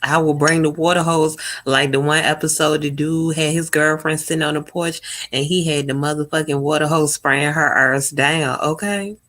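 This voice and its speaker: A young woman hosting a live stream, talking bluntly and profanely in a casual chat, often swooping up high in pitch. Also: steady tone, moderate pace, hardly any pauses, fairly bright tone.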